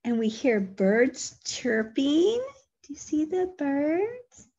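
A woman teacher reading a picture book aloud to toddlers, gentle and full of questions, with animated sound effects. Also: sits high, takes it slowly, dull audio. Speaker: early childhood teacher.

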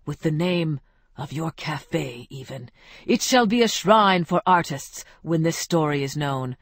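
A grandiose male biographer, as a woman reads him, talks in ornate, effusive phrases. The voice sits a little low and is dry and close, with no room around it. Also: animated, a little slow, dry recording, exaggerated voice. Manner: flowery and effusive.

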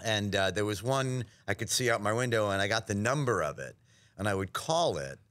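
A man from New York, a voice actor guest telling animated stories in a casual interview, slipping into impressions. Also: fairly low pitch, fairly quick. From New York, USA. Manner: animated storyteller, slips into impressions.

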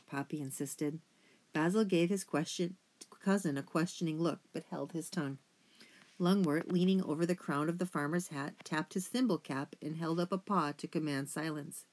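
A woman narrating a children's novel as an audiobook, with a measured and expressive reading. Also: sits low, poor audio. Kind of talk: storybook narration.

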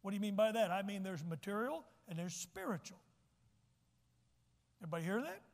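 A man, preaching a sermon as pastor, folksy, joking asides and repeating his points slowly. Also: high-pitched, big pitch swings. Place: church sanctuary. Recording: long church reverb.

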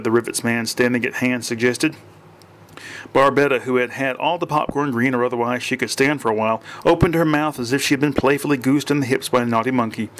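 This is a man reading a strange comic tale aloud at a mid pitch. He trips over words and goes back to fix them, then carries on without fuss. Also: fairly even intonation, quick pace, fairly bright tone. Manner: unpolished reading with frequent restarts and self-corrections. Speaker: audiobook narrator.

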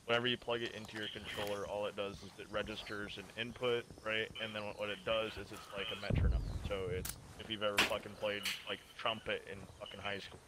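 A man's voice: fairly low pitch, flat delivery, fast, few pauses, heavy background noise. A man in casual voice chat with fellow gamers, explaining at length and swearing often.

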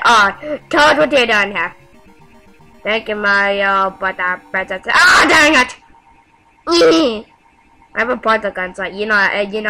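Excitable bright-voiced female gamer. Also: medium pitch, rough recording. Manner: excitable, talks to the game, frequent yelps and exclamations. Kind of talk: casual gameplay commentary.

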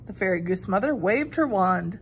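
Animated woman reading a picture book. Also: medium pitch, normal speed, slight background noise. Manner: animated, expressive. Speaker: storyteller. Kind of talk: children's picture book read-aloud.

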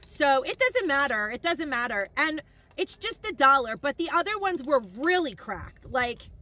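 A woman in a casual shopping haul vlog, gushing and rambling with excitement, emotional and near tears at times. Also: high-pitched, moderate pace. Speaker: haul vlogger.

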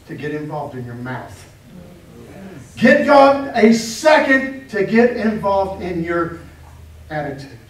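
A man's voice: high voice, big pitch swings, slow, long pauses. A man preaching a sermon with emphatic repetition and rhetorical questions. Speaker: pastor. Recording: echoey room, heard from a distance.

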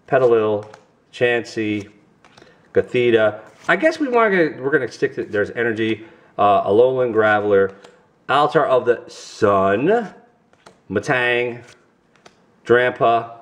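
Goofy, chatty New York dad. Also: male voice, medium pitch. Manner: goofy, chatty, talks straight to viewers. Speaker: family vlog host. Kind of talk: casual card-opening vlog.

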